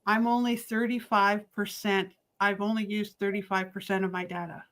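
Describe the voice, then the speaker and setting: A woman chatting casually, profane and full of quick restarts. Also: medium pitch, little pitch movement, a bit bright. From Canada. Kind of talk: casual chat.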